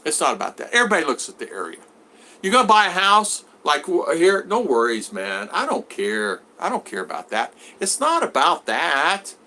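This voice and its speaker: A man's voice: fairly high pitch, huge pitch swings, normal speed, sharp tone, slight background noise. A man vlogger chatting casually on a live stream, telling rambling stories and acting out the people in them. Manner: rambling storyteller who acts out voices.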